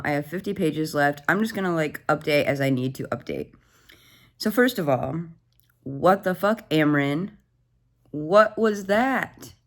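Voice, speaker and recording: A woman in her twenties with a low-pitched voice gives casual, excitable reading updates as a book vlogger. She swears freely and gushes over the story.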